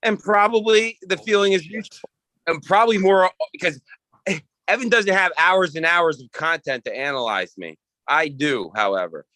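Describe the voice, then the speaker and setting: A man's voice: sits high, expressive, normal speed, pushed and bright, dry recording. A man trading brash, profane, boastful trash talk as an arm wrestling guest on a casual chat show.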